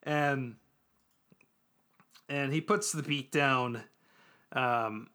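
A man's voice: medium pitch, drawn-out words, bright, forceful tone, smooth. A man casually recapping an anime episode on a podcast, loose and joking, with plenty of ums and restarts. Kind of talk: casual chat.

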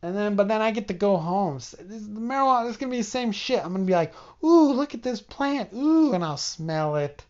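A man's voice: high-pitched, fast, hardly any pauses, muffled recording. A man with a congested nose hosting a solo podcast, rambling wryly and mocking himself as he talks straight to his listeners. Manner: wry, self-mocking, talks to listeners directly. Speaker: podcast host.

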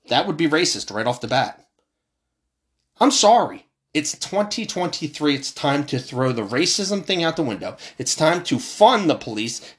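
A man from the United States delivering a heated political rant, passionate and profane, his voice jumping high and then dropping low. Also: a bit bright. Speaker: commentator.

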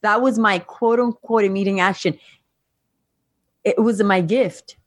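A middle-aged woman, a podcast guest, telling an emotional personal story in an animated way with frequent restarts. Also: mid-range voice, unhurried, dry recording, studio quality. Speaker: guest, event founder.

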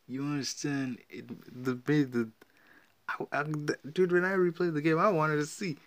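A man hosting a solo podcast, rambling and swearing as he excitedly retells old video game memories. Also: fairly high pitch, moderate pace. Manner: rambling, profane, excited storytelling. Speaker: podcast host. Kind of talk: casual solo podcast talk.

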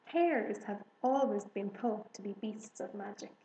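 A woman voicing a kindly, sensible village woman who speaks in a warm, matter-of-fact way, in a slow, echoey room. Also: mid-range voice, lively intonation.

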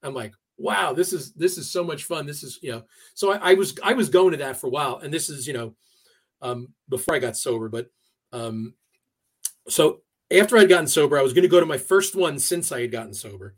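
A man being interviewed on a podcast, telling a personal story in a casual, halting way with many fillers and restarts. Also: mid-range voice, lively intonation, husky. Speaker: podcast guest. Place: New York area.

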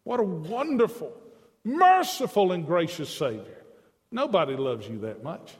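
A man's voice: a little high, big pitch swings, moderate pace, a little mellow, big-room sound. A man preaching a sermon with passion, his delivery rising and dropping, repeating phrases for emphasis.

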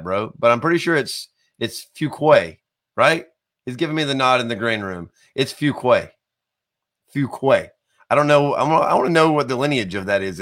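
A man, hosting a live online show in a chatty, rambling way with jokey shout-outs to viewers. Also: medium pitch. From American South. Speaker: host.

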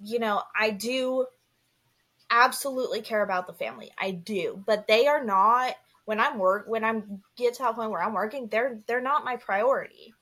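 A woman's voice: fairly high pitch, normal speed, a bit bright. A young woman co-hosting a podcast, talking candidly and earnestly in casual chat, with frequent restarts and fillers. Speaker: podcast co-host.

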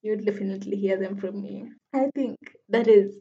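A young woman in her twenties chats alone into her podcast mic, mid-pitched and easygoing. She laughs a lot and teases herself as she rambles. The recording sounds a little dull and lo-fi. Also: normal speed, dark tone. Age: 20s. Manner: chatty, laughs often, self-deprecating. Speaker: podcast host. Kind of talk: casual solo podcast chat.

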